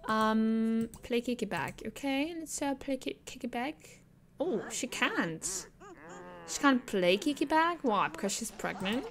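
A woman's voice: fairly high pitch, animated, takes it slowly. A woman giving casual gameplay commentary, chatting to the characters on screen and laughing often.

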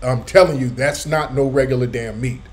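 A man hosting a casual live talk, telling a story with animated emphasis and street slang. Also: mid-range voice, moderate pace, a little hiss or hum. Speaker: host. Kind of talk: casual livestream chat.

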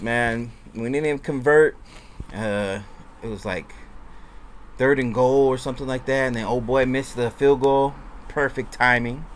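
A man talking in a loose, rambling way, his voice at an ordinary middle pitch. He vents like a fan, sometimes deflated and sometimes fired up. A faint hum of room noise sits under his voice. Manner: loose, rambling, swings between deflated and excited. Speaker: sports fan vlogger. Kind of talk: casual rambling commentary.

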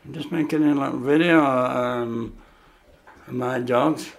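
Gravelly, unhurried man. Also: medium pitch. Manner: relaxed, chatty, fond. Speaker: dog owner vlogger. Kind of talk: casual home vlog.

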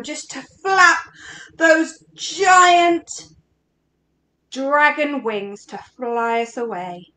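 A woman's voice: high-pitched, animated, slow, pushed and bright. A woman leading an interactive story workshop for children, talking in a playful, encouraging, sing-song way.

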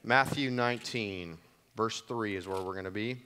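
A man's voice: on the low side, moderate pace, sharp tone, a little hiss or hum. Male preacher, casual storyteller, playful, does voices for the people in his anecdotes. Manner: conversational, jokey, acts out voices in his stories. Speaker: pastor. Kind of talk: sermon. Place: church.

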